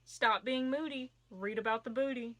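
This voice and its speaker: A woman's voice: on the high side, normal speed, a bit bright, close to an everyday voice. A woman playing a perky romance book fairy. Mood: bossy, playful. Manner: sing-song rhyming pep talk.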